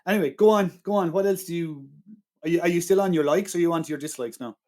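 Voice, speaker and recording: A man's voice: a little high, fast talker, darkish tone. A man co-hosting a casual film-review podcast, talking in an enthusiastic, emphatic and argumentative way. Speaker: podcast co-host.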